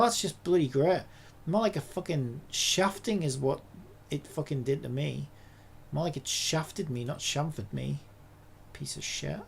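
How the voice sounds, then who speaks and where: A woman's voice: on the low side, vocal fry, husky. A woman, a game developer, talking to herself in a casual dev log, frustrated and swearing a lot.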